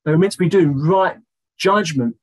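A man teaching through a Bible passage verse by verse, talking conversationally with many fillers and slowing down to read scripture aloud. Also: on the high side, poor audio.

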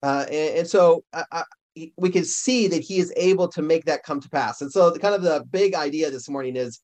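Male pastor, relaxed conversational sermon delivery, stops to fix his own slips, voice sits a bit high. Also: moderate pace. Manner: conversational, restarts and self-corrections. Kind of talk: sermon with scripture reading.

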